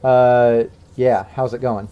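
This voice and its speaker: A man's voice: medium pitch, little pitch movement, takes it slowly, lo-fi sound, slight background noise. A man running a tabletop role-playing game as game master, easygoing, with fillers and laughs.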